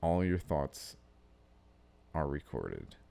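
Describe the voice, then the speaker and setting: Slow, gravelly-voiced man musing aloud. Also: rumbling low, big pitch swings, mellow. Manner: meandering, self-interrupting, swears casually. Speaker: podcast host. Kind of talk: rambling solo podcast musing. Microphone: studio-style podcast mic.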